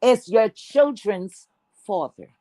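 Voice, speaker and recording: Caribbean woman, livestream host, loud profane rant, repeats herself, jumps from yelling to muttering. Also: medium pitch, lively intonation, slow pace, a little hiss or hum. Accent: Caribbean English. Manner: loud, cursing, repeats phrases, swings between yelling and muttering.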